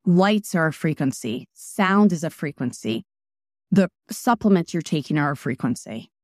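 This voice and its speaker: Animated woman with a dry, close sound. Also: sits low, moderate pace, no room sound. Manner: emphatic and animated, jumping between asides. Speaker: guest, wellness practitioner. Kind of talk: casual interview talk.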